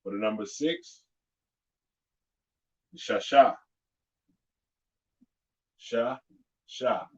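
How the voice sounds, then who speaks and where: A man teaching a live-streamed alphabet lesson, patiently repeating each sound slowly and clearly. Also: mid-range voice, highs cut off. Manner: slow, drawn-out pronunciation drills.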